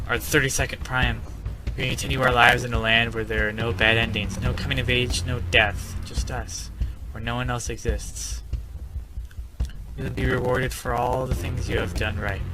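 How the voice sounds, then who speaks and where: A man's voice: medium pitch, lightly acted. A solemn godlike voice, as a man puts it on. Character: godlike male voice, solemn, all-knowing.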